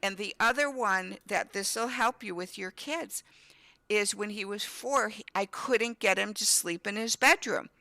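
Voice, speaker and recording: A woman in her fifties telling lively family anecdotes as a guest, often acting out a child's words. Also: medium pitch, measured pace, no echo. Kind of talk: storytelling in casual conversation.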